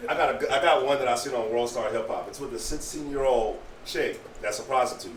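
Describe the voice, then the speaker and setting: A man's voice: medium pitch, brisk, distant mic, a little hiss or hum. Man telling a story from off-mic. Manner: recounts a story in plain detail. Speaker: discussion participant. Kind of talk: group discussion, storytelling. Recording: roomy, off-mic.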